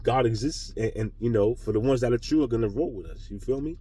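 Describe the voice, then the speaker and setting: Guy ranting to camera, husky dark voice, swears a lot, keeps saying right? you understand?. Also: mid-range voice, quick pace, far from the mic. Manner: rambling, profane, preachy, keeps asking "right?" and "you understand?"; grows louder and more heated as he goes. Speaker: channel host. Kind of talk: unscripted spiritual rant to camera.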